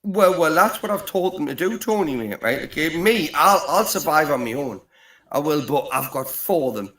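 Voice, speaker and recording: Rambling Geordie man, lively pitch. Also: normal speed. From Britain, Newcastle. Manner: rambling, peppered with "right, okay?" and "mate". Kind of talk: joking banter. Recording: echoey room with faint ambient noise.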